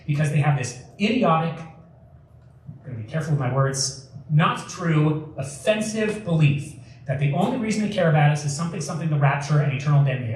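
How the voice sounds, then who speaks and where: A man's voice: on the high side, darkish tone, distant mic, a little hiss or hum. Earnest young man in an echoey hall. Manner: passionate, earnest, emphatic. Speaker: guest speaker. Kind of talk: public talk at an event. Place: community center hall.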